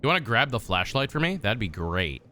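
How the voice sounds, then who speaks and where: A man's voice: mid-range voice, big pitch swings, brisk, pushed and bright, a little hiss or hum. A man streaming a game, rambling and swearing casually with many fillers.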